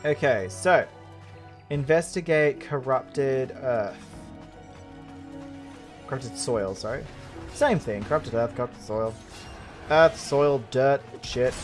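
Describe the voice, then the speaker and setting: A man's voice: mid-range voice, takes it slowly, long pauses. A man doing a casual let's-play commentary, rambling and giggling, mocking himself as he plays, with game music behind. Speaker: gaming channel host.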